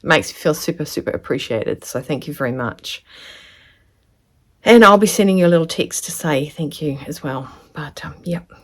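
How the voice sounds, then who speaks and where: Gushing woman vlogger with a low voice. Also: lively intonation, normal speed. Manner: gushing, chatty, drops into soft whispers. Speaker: sewing vlogger. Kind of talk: casual unboxing chat to camera.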